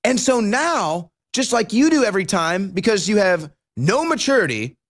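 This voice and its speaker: Male talk host, sarcastic and emphatic, high voice that swings widely. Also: very animated, moderate pace, a bit bright. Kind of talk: political talk show commentary.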